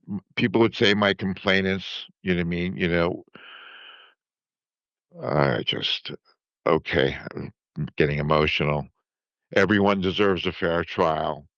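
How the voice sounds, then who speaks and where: Low-voiced older man, halting and earnest. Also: a bit bright, no echo. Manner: halting, repeats "you know what I mean". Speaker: interview guest. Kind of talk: emotional prison interview statement. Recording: dull, dry lo-fi sound.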